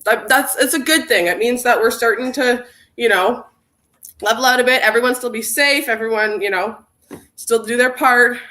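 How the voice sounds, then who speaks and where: A woman's voice: fairly high pitch, moderate pace, bright, forceful tone. A young woman hosting an informal online workshop, chatting casually and greeting viewers by name as she reads their comments. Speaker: workshop host. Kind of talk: casual livestream chat.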